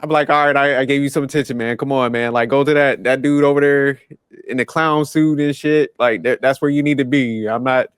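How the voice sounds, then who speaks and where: A man's voice: mid-range voice, steady tone, brisk, clean tone, dry recording, clean studio sound. A man, chatting bluntly and profanely on a podcast and laughing at his own remarks. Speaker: podcast host. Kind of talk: casual chat.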